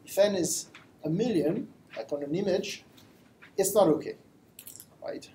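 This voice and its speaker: A man's voice: sits high, a little slow, pauses often, dark tone, a little hiss or hum, rough recording. A man with a French accent giving a live lecture to a study group, self-deprecating and explaining with simple examples. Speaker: guest lecturer. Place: room with a live audience.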